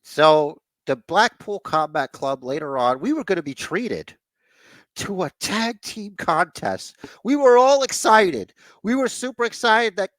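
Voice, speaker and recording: A man's voice: sits high, lively intonation, unhurried, a bit bright, no echo. A man hosting a casual podcast chat, rambling, blunt and sometimes profane. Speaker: podcast host.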